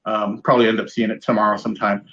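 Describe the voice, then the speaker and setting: A man's voice: fairly low pitch, little pitch movement, very fast, bright, forceful tone, highs cut off. Hesitant man asking questions. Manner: hesitant, many ums and questions. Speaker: podcast co-host. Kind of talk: casual chat.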